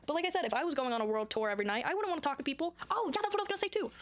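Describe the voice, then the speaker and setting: A young woman talking in a casual vlog, rambling and excitable with dramatic outbursts. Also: high voice, racing, a little hiss or hum. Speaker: vlogger.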